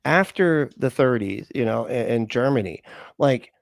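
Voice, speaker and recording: A man's voice: medium pitch, lively intonation, a little slow, vocal fry, no echo, studio quality. A man in casual livestream chat, rambling and profane, packed with "like" and "you know". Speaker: livestream co-host.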